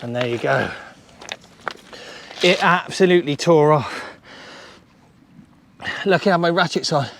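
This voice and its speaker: British man, outdoor fishing vlog, excitable commentary, slightly high pitch, faint outdoor ambience. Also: measured pace, creaky, long pauses, slight background noise. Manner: excitable, chatty, talks to viewers. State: out of breath. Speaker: fishing vlogger and coach. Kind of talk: casual running commentary while fishing. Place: outdoors on a beach.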